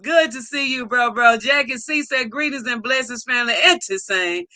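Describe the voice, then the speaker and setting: Brief: woman host, bright, unhurried delivery, dry close mic, warm shout-outs to chat. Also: a little high, no echo. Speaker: livestream host. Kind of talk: casual livestream greeting viewers.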